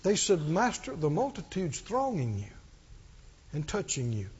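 A man's voice: on the high side, huge pitch swings, unhurried, breathy edge. A man preaching a sermon with emphasis, often firing questions at the congregation. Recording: dull lo-fi recording.

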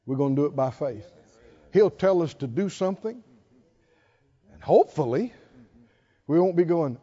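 A man preaching a sermon, swinging between loud, animated calls and hushed asides. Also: a little high, normal speed, pauses often, highs cut off. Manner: animated preaching, mimics whiny voices and swings from shouting to hushed.

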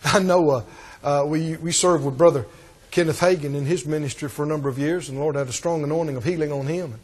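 A man preaching a sermon, animated and rising to emphatic, shouted points. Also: a little high, fast, slightly rough.

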